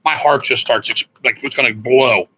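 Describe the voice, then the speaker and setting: A man with a raspy voice telling his story in a casual chat, blunt and swearing freely. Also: medium pitch, moderate pace, sharp tone, rough recording. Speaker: guest musician.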